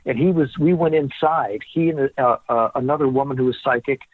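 Male guest storyteller, animated, plays out the dialogue; tinny, dry phone-line audio. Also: mid-range voice, fairly quick, no echo. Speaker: guest author. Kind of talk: storytelling in a podcast interview.

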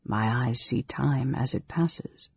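A man voicing a frail, intense young male mage who speaks low, hushed and half-whispered. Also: slow pace, gravelly, slightly rough, no echo, muffled recording, exaggerated voice. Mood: brooding.

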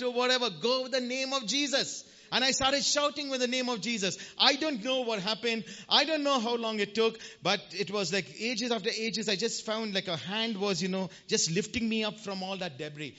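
A man preaching a personal testimony sermon, impassioned, repeating phrases and swinging between shouting and hushed speech. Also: sits high. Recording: dull lo-fi sound.

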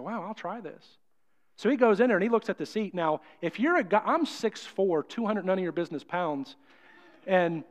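A male pastor preaching a sermon in a conversational, storytelling way. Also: a little high.

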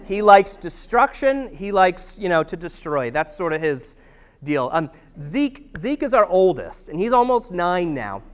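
Pastor type, man in his thirties, high voice, wry self-mocking storyteller. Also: sing-song, measured pace. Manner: humorous self-deprecating storytelling. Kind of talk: conversational sermon.

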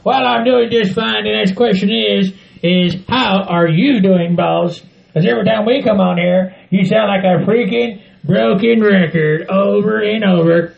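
A man's voice: high voice, a little slow, gravelly, roomy sound, highs cut off. A man co-hosting a wrestling podcast, ranting in a crude, rambling, folksy way. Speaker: podcast co-host. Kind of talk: casual wrestling chat.

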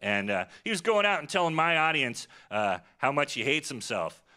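Crude, bright-voiced man in his forties. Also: fairly high pitch, sing-song, moderate pace, smooth. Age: 40s. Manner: crude, self-mocking, mutters asides. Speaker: stand-up comedian. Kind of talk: stand-up set. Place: comedy festival stage. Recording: live stage recording with crowd. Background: audience laughter.

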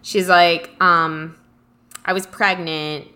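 Young woman co-host, chatty and rambling; low-pitched, bright and forceful tone. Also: fairly even intonation, takes it slowly. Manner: chatty storyteller, many likes and restarts. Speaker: podcast co-host. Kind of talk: casual chat.

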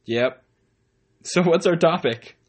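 Husky, loud, rambling young man. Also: a little high, slow pace. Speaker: podcast co-host. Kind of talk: casual banter. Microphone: tablet microphone.

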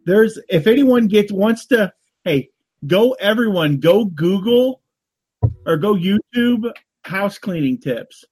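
A man's voice: sits high, animated, slow pace, a little mellow, breathy edge, dry recording. A man who is a guest on a live talk show, chatting playfully and showing off silly tricks. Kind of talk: casual joking chat.

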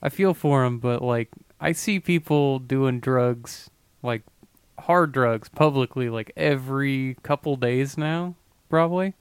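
Laid-back, smooth-voiced American man. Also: mid-range voice, a little slow, dry recording. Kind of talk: casual chat.

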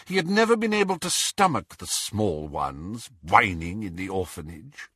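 A man narrating an audiobook with slow, dramatic delivery. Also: on the low side, sing-song, pushed and bright, slightly rough, no room sound, clean studio sound.

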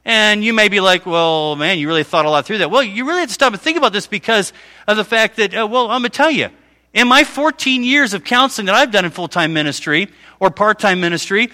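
Animated, bright-voiced male preacher. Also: high-pitched, fast talker, big-room sound. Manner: lively, acts out dialogue in the story. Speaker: guest preacher. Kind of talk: storytelling sermon.

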